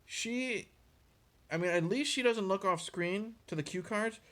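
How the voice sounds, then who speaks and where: A man with a slightly high voice, talking fast and loose in a casual movie rant. He is sarcastic and exasperated, swears freely and mocks what he watched. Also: fairly bright tone. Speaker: movie reviewer.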